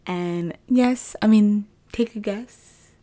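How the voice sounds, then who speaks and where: A woman's voice: medium pitch, takes it slowly, mellow, no room sound. A young woman hosting a podcast, sharing a personal faith testimony in a chatty, rambling way full of fillers. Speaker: podcast host.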